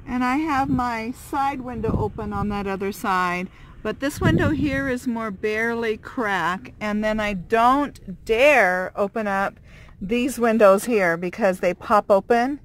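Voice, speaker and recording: A woman with a fairly high voice, talking unhurriedly and rambling through a casual vlog inside her van. She fills gaps with ums and small laughs. A faint hiss of background noise sits under her voice. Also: unhurried. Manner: chatty, rambling, many fillers and laughs. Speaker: van-life vlogger.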